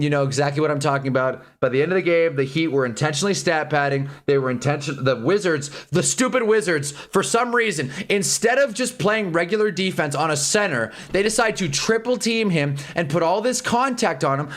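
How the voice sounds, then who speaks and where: A man's voice: a little high, lively intonation, brisk, hardly any pauses, a bit bright. A man hosting a live sports stream, ranting heatedly and swearing freely between casual asides. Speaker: streamer host. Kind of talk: livestream sports talk.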